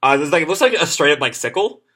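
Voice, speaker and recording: A chatty man reads a comic out loud and reacts live, filling his talk with "like" and "uh". His voice is fairly high and very bright, and it moves around a lot in pitch. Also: very animated, quick pace. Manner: chatty, many fillers, reads the lines aloud. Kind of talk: casual live reading and reaction.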